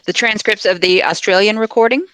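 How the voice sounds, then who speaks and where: A woman's voice: mid-range voice, fairly even intonation, fairly quick, a bit bright, no room sound, lightly acted. A woman reading as a persistent barrister. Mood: pressing. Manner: formal, pressing questions. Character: cross-examining barrister, persistent and formal. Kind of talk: courtroom transcript reenactment.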